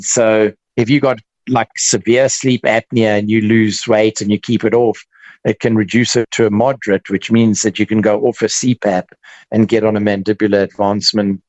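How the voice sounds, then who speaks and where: A man with a South African accent, a dentist guest explaining treatment in relaxed, casual chat. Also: fairly low pitch, no room sound, rough recording. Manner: relaxed, explains with examples and restarts.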